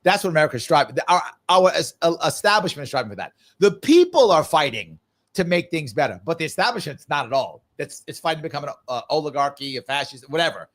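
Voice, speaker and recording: A man's voice: a little high, fast talker. A middle-aged man hosting a live political discussion, talking emphatically and hammering his points home through repetition. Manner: emphatic and animated, repeats points. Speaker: host.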